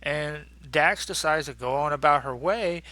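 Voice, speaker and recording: A man's voice: fairly high pitch, measured pace, pushed and bright. A man giving a casual ranting review in a crude, sarcastic, exasperated way.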